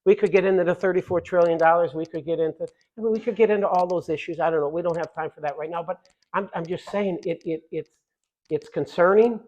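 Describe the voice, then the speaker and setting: Fiery middle-aged man, somewhat high-pitched voice, rally speech, loud punchy repetition with quiet asides. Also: steady tone, fast talker, muffled recording. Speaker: congressman giving a speech.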